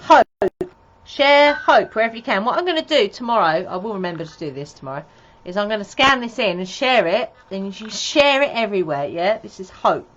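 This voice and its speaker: A woman's voice: medium pitch, expressive, brisk, a bit bright, lo-fi sound. A woman co-hosting a casual live stream, chatty and giggly, joking playfully. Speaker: co-host.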